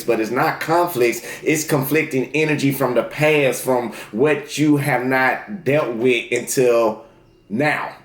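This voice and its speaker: Echoey-voiced man giving a tarot reading. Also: mid-range voice. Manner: talks straight to the viewer, repeats phrases, many restarts. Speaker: tarot reader. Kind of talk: casual spiritual reading to camera. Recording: echoey room.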